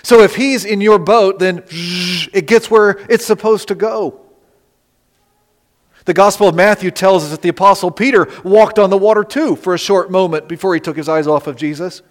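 A man preaching a sermon as pastor, moving between loud emphasis and soft, near-whispered lines. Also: high voice, normal speed. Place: church sanctuary. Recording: long reverb of a church hall.

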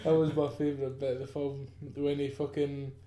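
A man's voice: medium pitch, level tone, fairly quick, warm tone. Man, young, laid-back casual chat, short replies, echoey room.

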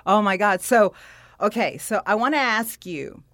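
A woman hosts a relaxed interview, her voice in a middle register. She keeps the talk moving with quick, encouraging affirmations. The recording is close and dry. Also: mid-range voice, no echo. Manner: encouraging, frequent short affirmations. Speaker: interview host. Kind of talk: casual interview chat.

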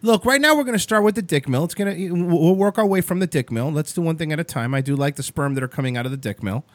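A man hosting a radio show, telling stories in a casual, animated, mocking way. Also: a little high, fast, dry recording. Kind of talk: casual on-air storytelling. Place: radio studio.

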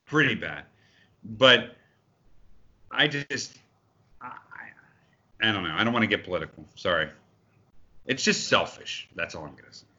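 Guy on a podcast, super bright voice, jumps all over in pitch, swears a lot, dull lo-fi sound. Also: measured pace, long pauses. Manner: animated, swears often, heated rants. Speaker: podcast co-host. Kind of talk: casual chat.

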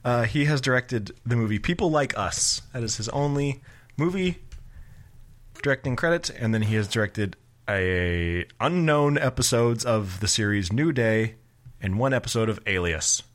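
Guy on a movie podcast, wry and jokey, pitch bouncing all over. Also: animated, normal speed. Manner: joking, teasing, wry. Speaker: podcast co-host. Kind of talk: casual movie podcast chat.

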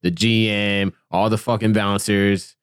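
A man who is a combat veteran, speaking in casual chat with a stutter and halting restarts. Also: on the low side, level tone, clear, resonant tone, no echo, studio quality. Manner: stuttering, halting, trails off quietly.

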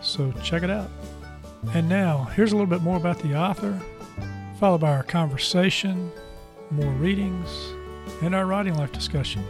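Over guitar music, a male podcast host with a high-pitched voice introduces the episode and reads announcements at normal speed. He's chatty and uses a lot of "uh" fillers.

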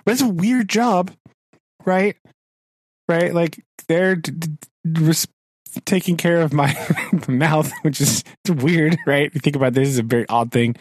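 A man's voice: on the high side, measured pace, no echo. A man co-hosting a podcast, rambling casually with frequent "right?" tags and chuckles. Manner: rambling, tag questions, chuckling. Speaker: podcast co-host.

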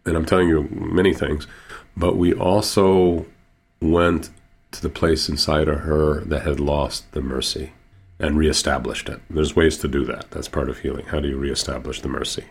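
A man working as a Sufi healer tells stories in an interview, slow and earnest, with repeated phrases. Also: extremely low pitch, fairly even intonation, gravelly, breathy edge. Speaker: Sufi healer and teacher, guest. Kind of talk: storytelling in an interview.

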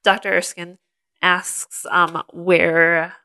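A woman with a low, gravelly voice co-hosts a casual movie podcast. She talks in an easy, chatty way and eagerly explains side facts. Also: flat delivery, drawn-out words, bright, forceful tone. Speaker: podcast co-host. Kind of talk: casual movie recap chat.

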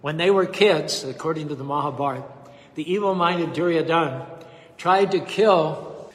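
A man preaching a sermon, emphatic and rhythmic, slowing down to stress key phrases. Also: fairly high pitch, reverberant, long reverb tail.

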